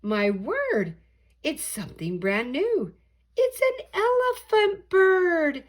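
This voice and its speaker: A woman's voice: fairly high pitch, measured pace, a little mellow, breathy edge, voice pushed up. An older woman voicing an astonished circus crowd in a storybook, exclaiming in wonder. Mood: amazed. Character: amazed crowd of circus-goers.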